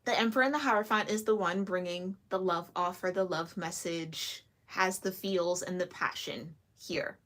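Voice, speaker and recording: Speaking at a moderate pace with few pauses, a fairly low-pitched woman does a solo tarot reading for the camera. Her manner is casual and talkative, peppered with frequent giggles and animated side comments.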